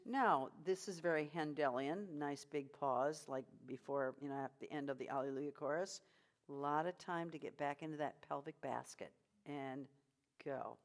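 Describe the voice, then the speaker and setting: A woman leading a choir rehearsal as vocal coach, giving encouraging instructions between high sung drills. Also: normal speed.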